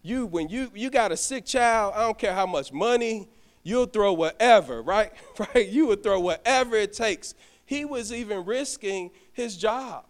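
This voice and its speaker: A man's voice: high voice, lively intonation, a little slow. A man preaching a sermon as a church deacon, telling a personal story and speaking directly to the congregation, often stumbling and restarting his words. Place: church sanctuary.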